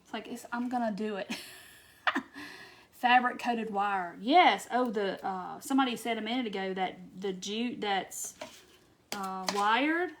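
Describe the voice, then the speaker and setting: A woman from Wisconsin hosting a casual live-stream craft tutorial, chatting to viewers, answering their comments and muttering soft asides to herself as she works. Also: mid-range voice, unhurried.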